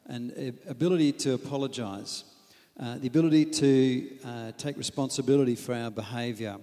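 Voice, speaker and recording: A man preaching a lively, humorous sermon on marriage, acting out quoted asides. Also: medium pitch, moderate pace, big-room sound. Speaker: pastor.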